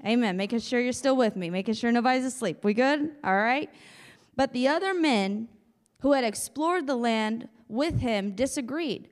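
A woman preacher reads Scripture and adds chatty asides, calling on listeners to say amen. Her voice sits fairly high. A long reverb from the hall hangs behind her. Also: normal speed. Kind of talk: sermon with Bible reading.

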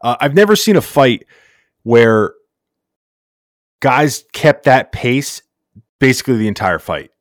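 A man's voice: mid-range voice, sing-song, unhurried, pauses often, no room sound, studio quality. A man co-hosting a casual sports podcast, laid-back and slangy, rambling through recaps. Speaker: podcast co-host.

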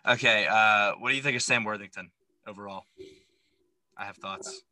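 A man's voice: fairly low pitch, normal speed, poor audio. A man co-hosting a podcast, recapping a movie in casual, opinionated chat full of fillers. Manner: opinionated, animated, lots of fillers. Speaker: podcast co-host.

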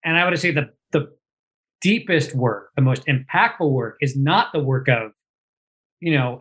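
A man who is a coach talking casually, animated and acting out example lines as he explains. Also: medium pitch, unhurried, breathy edge. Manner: animated, acts out example lines in lively voices. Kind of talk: conversational talk about coaching.

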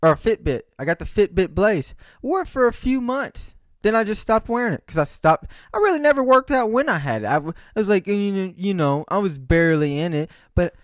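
A man's voice: high voice, very animated, fairly quick, few pauses, dry recording, clean studio sound. A man talking to camera in a rambling, profane monologue, checking in with frequent "right?" asides. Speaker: vlogger.

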